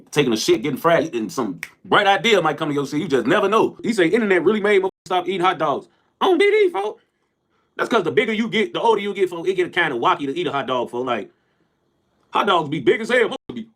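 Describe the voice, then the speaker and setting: A young man with a Chicago accent ranting and joking to his livestream audience, loud, profane, slipping into mock voices. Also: high voice. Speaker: livestream host. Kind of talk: casual rant to a livestream audience.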